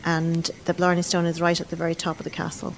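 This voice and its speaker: A woman's voice: lowish voice, monotone, quick pace, vocal fry, slight background noise, low-quality recording. An Irish woman, a head gardener, answering interview questions in a plain, matter-of-fact way. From Ireland.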